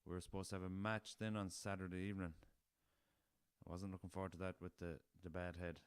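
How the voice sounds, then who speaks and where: A man's voice: deep voice, level tone, quick pace, smooth, no room sound. An Irish man hosting a casual solo podcast, rambling through a story and swearing freely, recorded on a laptop. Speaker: podcast host.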